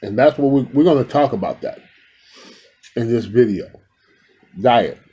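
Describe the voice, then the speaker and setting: This is a man with a medium-pitched, dark and slightly rough voice at a moderate pace, recorded with the high frequencies cut off. As a spiritual vlogger filming himself indoors, he talks to his viewers in a casual, meandering, affectionate manner, addressing them directly.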